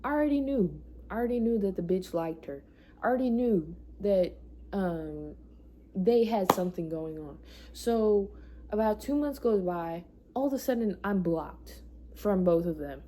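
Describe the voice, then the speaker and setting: A woman's voice: mid-range voice, animated, normal speed, warm tone. A young adult woman telling a personal story in a casual vlog, emotional and profane, often repeating herself for emphasis. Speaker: vlogger.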